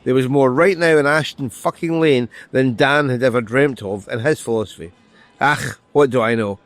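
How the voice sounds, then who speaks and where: A middle-aged author reading from his novel and chatting as a guest, wry and quick to correct himself, recorded outdoors by a street. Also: medium pitch, no room sound. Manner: dry, wry and self-correcting. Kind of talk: reading aloud from a novel, then casual conversation.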